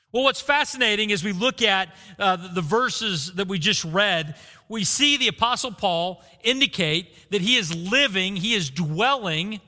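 A man's voice: high-pitched, sharp tone. A man preaching a sermon as pastor, asking rhetorical questions and repeating key phrases, recorded in a church sanctuary with long reverb.

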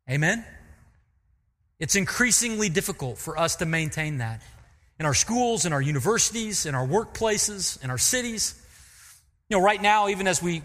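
A man's voice: on the high side, fairly bright tone, in a large hall. A man preaching a sermon as pastor in a church, speaking emphatically, asking rhetorical questions and repeating key phrases. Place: church sanctuary.

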